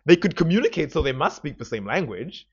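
A man's voice: fairly high pitch, big pitch swings, quick pace, dull audio, a little hiss or hum. A man co-hosting a podcast, recapping a show in wry casual chat and laughing mid-sentence. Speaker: podcast co-host.

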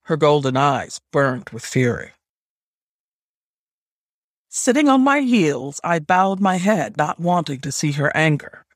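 A man reads a first-person story in a measured audiobook voice. His voice sits a little high and has a husky edge. The recording is close and dry. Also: animated, no echo. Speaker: audiobook narrator. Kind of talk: scripted first-person narration.

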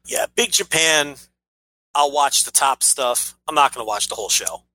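A man's voice: medium pitch, moderate pace, sharp tone, no room sound, low-quality recording. A man co-hosting a casual wrestling podcast, rambling and blunt, swearing freely. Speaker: podcast co-host.

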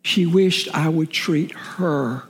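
A middle-aged man preaching a sermon as a pastor, with emphatic swings from raised shouts down to whispers. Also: a little high, slow, slight background noise. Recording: long hall reverb.

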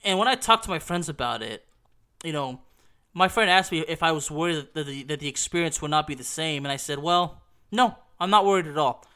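A man hosting a solo game talk show, hoarse and coughing as he recovers from illness, rambling with many fillers. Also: on the high side, brisk, sharp tone. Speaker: podcast host. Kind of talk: casual solo talk about video games.

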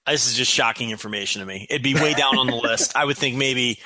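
A man's voice: mid-range voice, fast, bright, forceful tone, no echo, faint music behind. A man co-hosting a podcast, chatting casually with dry, joking remarks. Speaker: podcast co-host.

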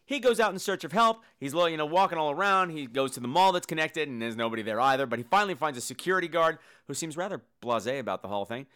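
A man's voice: on the high side, lively intonation, fast talker, few pauses, bright, forceful tone, clean tone. A man hosting a casual, comedic movie review show, full of campy, sarcastic asides. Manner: breaks into sung and squealed impressions.

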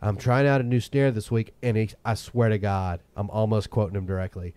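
A man's voice: fairly low pitch, steady tone, brisk, few pauses, dark tone, dry recording. A man in casual podcast chat, blunt, opinionated and sarcastic.

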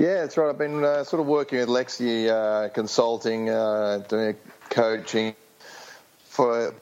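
A man from Australia in his fifties, a guest coach answering interview questions in a relaxed, hesitant way with many fillers. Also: fairly low pitch, highs cut off. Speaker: guest, former tennis champion and coach.

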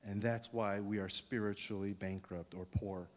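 A pastor preaching to his congregation in a relaxed, conversational way. He keeps pausing to ask whether everyone follows. His voice carries a long reverb from a large hall. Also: on the low side. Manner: conversational, asks the congregation questions. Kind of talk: sermon.

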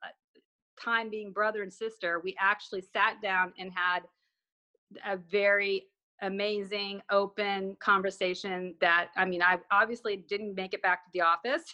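A woman's voice: medium pitch, flat delivery, moderate pace, sharp tone, muffled recording. A woman guest telling a personal story in conversation, acting out remembered dialogue with frequent restarts.

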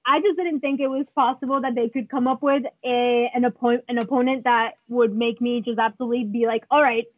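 A woman wrestler co-hosting a podcast, chatting excitedly and laughing often, acting out what she was thinking. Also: on the high side, fairly quick, no echo. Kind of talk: casual chat. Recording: tinny phone-like sound.

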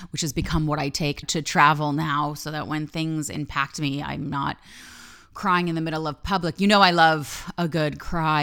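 A woman life coach and podcast host telling a personal story in a candid monologue, swearing freely and talking with lively energy. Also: deep voice, smooth.

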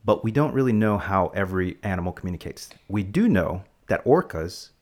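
Man, podcast host, very low voice, playful, rambling explanations for kids. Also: expressive, fairly quick, a little mellow. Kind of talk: casual podcast chat.

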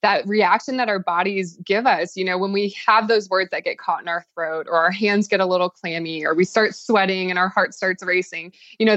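A woman appearing as a podcast guest, explaining her ideas in long, measured, thoughtful answers. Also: on the low side, a bit bright, no echo, highs cut off.

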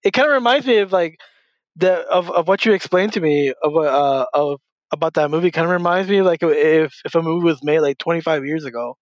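A man's voice: fairly high pitch, a little fast, no room sound. Rambling man on a dull, lo-fi mic. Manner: rambling, many restarts and fillers. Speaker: podcast co-host. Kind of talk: casual chat.

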